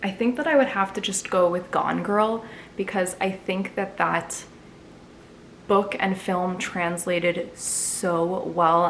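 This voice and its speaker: A woman's voice: on the low side, slight background noise. A young woman chatting casually in a vlog, answering viewer questions with lots of fillers. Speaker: book vlogger.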